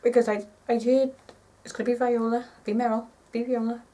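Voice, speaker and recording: A woman in her twenties chatting casually to camera in a rambling, excitable way, often correcting herself. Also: on the high side, fairly quick, recorded from a distance, rough recording. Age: 20s. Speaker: vlogger.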